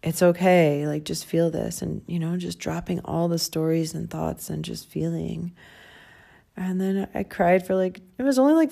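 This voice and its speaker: A woman's voice: on the low side, vocal fry, mellow. A young woman talking candidly in a personal travel vlog, emotional and tearful, laughing through tears and swearing casually. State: crying. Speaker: travel vlogger.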